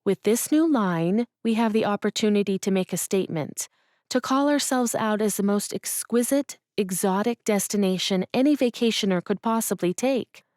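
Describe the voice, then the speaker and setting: A woman's voice: medium pitch, normal speed, darkish tone, no room sound, studio quality, voice pushed up, close to an everyday voice. A woman narrator voicing an earnest young businesswoman, speaking formally and eagerly with a touch of nerves. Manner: eager, formal, a little nervous.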